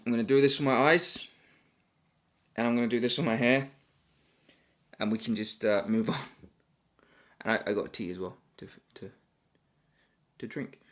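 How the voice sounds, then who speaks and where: A man's voice: medium pitch, normal speed, long pauses, fairly bright tone. Rambling self-deprecating man telling a travel story. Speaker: travel vlogger. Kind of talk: casual storytelling to camera.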